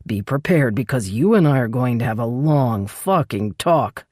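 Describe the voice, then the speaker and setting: A woman narrator voicing a gruff, angry male vampire who speaks in a low growl. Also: animated, moderate pace, a little mellow, no room sound, studio quality. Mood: stern.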